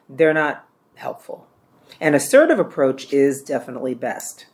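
A man leading a church care-ministry training class, teaching in a plain-spoken way and often repeating or correcting himself. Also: fairly high pitch.

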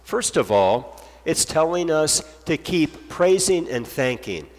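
A man's voice: a little high, sing-song, slow pace, in a large hall. A man preaching a sermon as pastor, earnest and emphatic, driving points home with repetition.

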